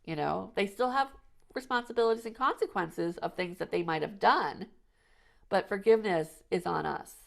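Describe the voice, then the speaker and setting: A woman hosts a podcast, talking casually and spinning long stories full of restarts and asides. Her voice has a gravelly, creaky texture, and she sits at a middle pitch. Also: normal speed. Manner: chatty storyteller, lots of restarts and "you know". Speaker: podcast host. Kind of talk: casual conversational chat.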